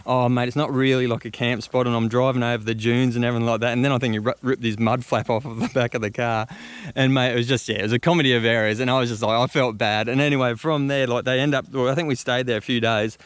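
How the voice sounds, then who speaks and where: Fast-talking Australian man telling a story. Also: mid-range voice, fairly even intonation, clear, resonant tone, dry recording. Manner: rambling, lots of fillers and slang. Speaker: travel vlogger. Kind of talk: casual storytelling.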